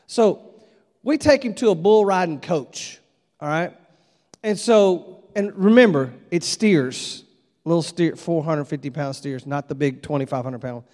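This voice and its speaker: A man's voice: a little high, measured pace, darkish tone. A middle-aged man preaching a conversational, storytelling sermon at a revival. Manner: folksy, conversational, acts out voices in his stories. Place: church sanctuary. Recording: long echo of a church hall.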